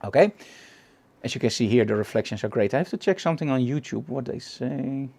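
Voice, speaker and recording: A man's voice: medium pitch, a little fast, vocal fry, darkish tone, slightly rough. A man with a Dutch accent giving a live photography presentation, enthusiastic and repeating words for emphasis. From Netherlands.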